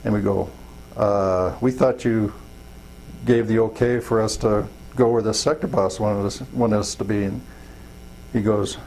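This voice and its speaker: A man's voice: on the low side, fairly even intonation, moderate pace, creaky, darkish tone, a little hiss or hum, poor audio. A middle-aged man telling folksy, rambling stories in an interview, full of fillers and acted-out quotes. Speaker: interviewee, wildland fire chief. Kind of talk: casual storytelling interview.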